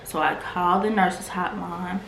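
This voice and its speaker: Woman, personal testimony, casual and candid, bright tone, echoey room. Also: fairly low pitch, fairly even intonation, a little slow, vocal fry. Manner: conversational, filler-heavy, candid. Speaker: vlogger. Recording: echoey room with faint noise.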